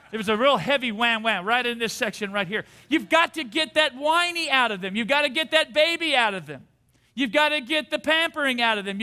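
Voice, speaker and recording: A man's voice: very high voice, pushed and bright. A man in his forties preaching a fervent sermon to a church congregation, calling on the audience to repeat after him. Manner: fervent preaching with call-and-response. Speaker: pastor. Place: church service.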